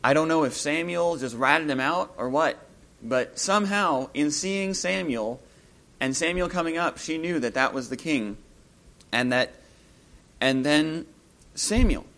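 A man with a somewhat raised pitch gives an informal Bible talk. He muses aloud between points and grows animated when he retells the story's scenes. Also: a little slow.

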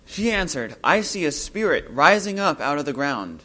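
A man giving an informal Bible talk, musing aloud as he retells a scripture story and growing lively when he acts out the scenes. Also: fairly high pitch, normal speed.

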